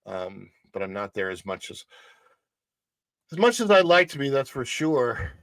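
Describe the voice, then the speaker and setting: A man's voice: medium pitch, big pitch swings, measured pace, fairly bright tone, clean tone, no echo. A man hosting a casual livestream show from a home studio, chatting loosely and answering viewers in the chat. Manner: chatty, rambling, reads the chat aloud.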